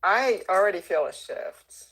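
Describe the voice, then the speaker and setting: A woman's voice: mid-range voice, expressive, a little slow, a bit bright, breathy edge. A woman taking part in a live-streamed book club, cheerful and chatty.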